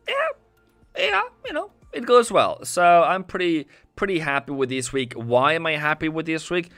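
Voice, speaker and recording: Bright, crisp-voiced man chatting about markets. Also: a little high, no echo. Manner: rambling, thinks aloud while charting, reads chat. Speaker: forex trading livestream host. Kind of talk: casual live market commentary. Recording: dry close sound with faint music. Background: faint background music.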